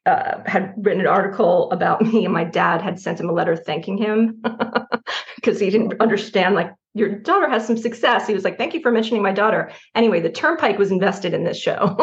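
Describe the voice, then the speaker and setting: Brief: middle-aged woman writer from New Jersey, candid and animated, often laughing, gravelly voice, slightly muffled mic. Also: mid-range voice. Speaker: writer guest. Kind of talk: candid interview conversation.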